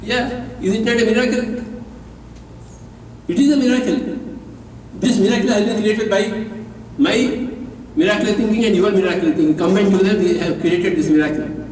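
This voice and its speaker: High-voiced Indian man preaching in an echoey hall. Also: moderate pace, long pauses, a little mellow, recorded from a distance, slight background noise. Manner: emphatic and repetitive, teasing, leads call-and-response. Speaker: spiritual teacher. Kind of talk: spiritual talk to a live audience.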